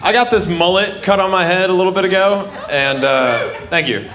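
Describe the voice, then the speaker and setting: A man's voice: high voice, normal speed. A male stand-up comedian ranting indignantly on a club stage. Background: laughing audience.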